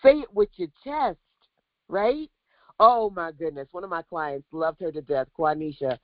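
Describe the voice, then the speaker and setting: A woman's voice: fairly low pitch, unhurried, dry recording, dull audio. Fiery woman coach preaching to her chat. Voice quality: animated, preachy, talks straight to the chat. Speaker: business coach. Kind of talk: livestream coaching talk.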